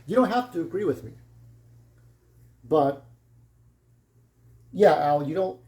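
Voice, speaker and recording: A man's voice: fairly high pitch, darkish tone, roomy sound. A man ranting casually to camera in a blunt, rambling way, swearing freely. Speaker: YouTuber vlogging to camera.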